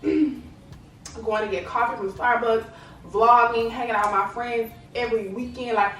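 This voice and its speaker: Young woman vlogger, casual and chatty, slightly high voice, echoey room with faint background hum. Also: a bit bright. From Lubbock, Texas. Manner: chatty, fills with "like" and "you know what I'm saying". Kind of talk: casual talk to camera. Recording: echoey room, distant mic, faint ambience.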